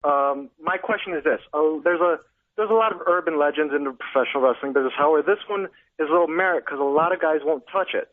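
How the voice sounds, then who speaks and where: A man's voice: fairly high pitch, fast, slight background noise. Hesitant male caller on a phone line. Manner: hesitant and formal, many "uh"s. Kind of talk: phoned-in question. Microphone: telephone.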